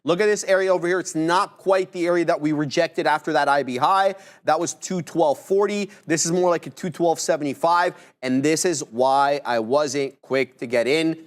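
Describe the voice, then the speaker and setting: A man co-hosting a live trading stream, explaining his chart reads in a measured, patient way. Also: fairly high pitch. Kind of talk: live market commentary.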